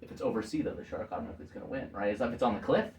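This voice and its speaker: A man hosting a casual game chat, animated, often laughing and trailing off quietly at the end of his thoughts. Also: on the low side, racing. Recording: echoey room, mic at a distance.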